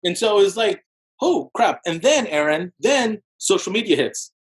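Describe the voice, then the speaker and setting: A man in his forties, a podcast guest, telling his story in an animated, casual way with many fillers like "like". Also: moderate pace, poor audio. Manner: animated storyteller, heavy use of "like", jumps into higher voices for quotes. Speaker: podcast guest, real estate broker.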